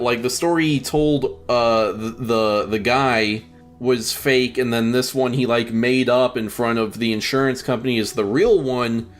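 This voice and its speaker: A young man co-hosting a casual movie review podcast, talking haltingly with many restarts. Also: medium pitch. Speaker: podcast co-host.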